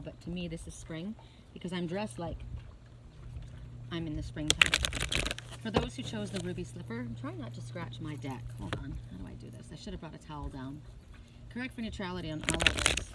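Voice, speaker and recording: A woman giving an oracle card reading by a lake, talking gently and wandering into chatty asides. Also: on the low side, heavy background noise. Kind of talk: outdoor card reading vlog. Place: outdoors by a lake. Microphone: phone camera.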